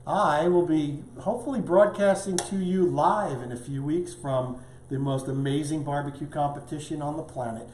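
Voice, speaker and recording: A man's voice: a little high, a little mellow, echoey room, slight background noise. A man hosting a live cooking show as the chef, upbeat and chatty, tasting and talking as he goes. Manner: upbeat, chatty, talks with mouth full at times. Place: home studio kitchen.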